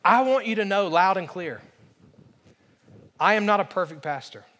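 Male pastor, high voice, emphatic sermon delivery with repeated refrains, long church-hall reverb. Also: expressive, normal speed, a bit bright. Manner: earnest, emphatic, repeats key phrases.

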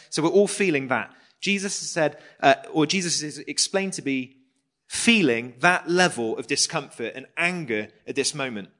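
Bright-voiced preacher. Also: male voice, on the high side. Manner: reads scripture, then explains it casually and asks the audience questions. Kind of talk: conversational Bible study sermon.

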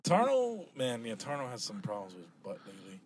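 Excitable man joking in a car. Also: medium pitch, crowd noise. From Miami. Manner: excitable, quick to joke and laugh. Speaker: podcast host. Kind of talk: casual banter in a car. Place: inside a small car.

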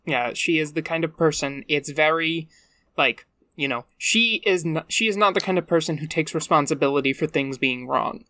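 Podcast co-host, mid pitch, blunt and relaxed, close dry mic. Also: moderate pace, dry recording. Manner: relaxed, blunt, casual swearing. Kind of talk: casual tabletop character-building chat.

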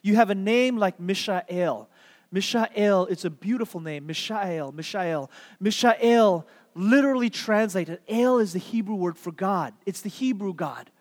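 Man, sermon, high pitch, repeats words for emphasis, asks the crowd questions, church hall reverb. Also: unhurried. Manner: animated storytelling, repeats key words for emphasis; playful, asks the audience questions. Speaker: pastor.

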